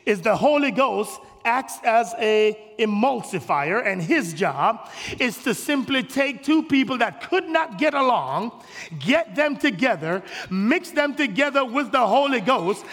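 Man, pastor: high gravelly voice, impassioned sermon in an echoey church hall. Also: very animated, a little slow, some chatter behind. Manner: impassioned preaching, swelling to shouts, calling on the congregation. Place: church sanctuary.

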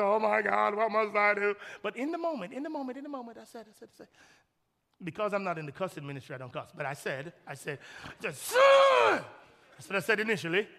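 Male pastor, thirties, passionate sermon delivery, hall reverb. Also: sits high. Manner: preaching, swings from loud shouted peaks to soft hushed storytelling. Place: large church hall.

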